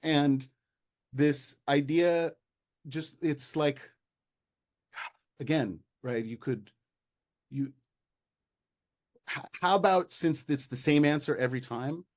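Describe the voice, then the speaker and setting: An American man talking as a guest in a casual interview, animated and exasperated, with many restarts and fillers. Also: on the high side, slow pace, pauses often. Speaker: local party official, guest.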